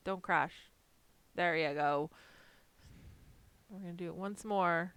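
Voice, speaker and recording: A woman chatting casually on a live stream while designing stickers, self-deprecating and talking to her software as she works. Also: lowish voice, slow, pauses often, smooth, dry recording.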